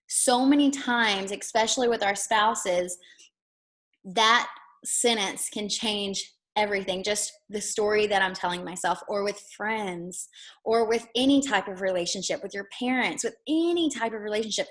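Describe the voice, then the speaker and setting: A woman's voice: mid-range voice, normal speed, a bit bright. A young woman hosting an online workshop, talking casually and retelling stories in quoted voices. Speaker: workshop host. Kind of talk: casual teaching talk. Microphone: video call.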